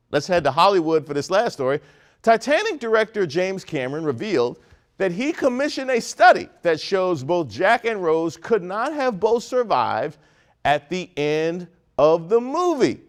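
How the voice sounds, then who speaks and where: A man from Maryland riffs through a comedic news segment with wry sarcasm. His voice sits a bit high and swings widely in pitch as he lands each joke. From Prince George's County, Maryland, US. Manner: wry, sarcastic, animated delivery.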